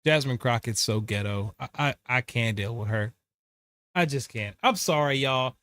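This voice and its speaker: A man hosting a show, giving casual political commentary, excitable, laughing often and talking back at clips. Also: medium pitch, normal speed, no echo. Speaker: show host.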